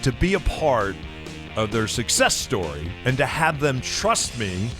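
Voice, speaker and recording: Radio co-host, man, mid-pitch, earnest storyteller, faint music underneath. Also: very animated, a little slow. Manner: earnest, storytelling, a bit emotional. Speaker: co-host and realtor. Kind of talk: casual radio chat.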